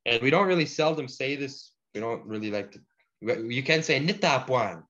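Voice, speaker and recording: A man teaching a relaxed language lesson, slowing down to drill words and using casual fillers. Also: medium pitch. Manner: slow deliberate pronunciation drills, casual fillers. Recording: dull lo-fi sound.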